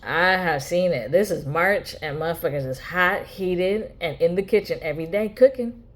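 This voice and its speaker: A woman's voice: fairly low pitch, moderate pace. A woman ranting bluntly in a casual vlog monologue, swearing freely. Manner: blunt, profane rant with mocking quoted voices. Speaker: vlogger.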